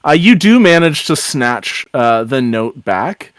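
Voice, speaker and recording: A woman narrating a tabletop game as game master, casual and quick to laugh. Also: very deep voice, very animated, dry recording.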